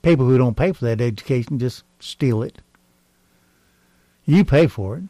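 A man hosting a radio talk show, reading jokes deadpan and stalling with ums between segments. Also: mid-range voice, moderate pace, no echo, rough recording.

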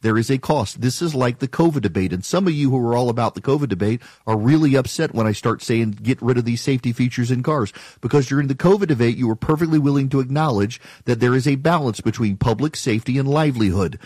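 A man's voice: mid-range voice, fast talker, few pauses, darkish tone, dry recording. A man hosting a talk radio show, delivering an opinionated monologue in an emphatic, argumentative way and mocking his critics.

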